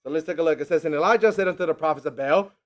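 A man delivers a casual, energetic sermon in a fairly high voice. He acts out the people in the stories with mocking, teasing voices and laughs often along the way. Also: racing. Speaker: preacher.

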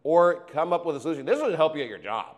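A man's voice: a little high, big pitch swings, quick pace. A male pastor preaching a sermon in a conversational way, reading scripture and acting out everyday quotes.

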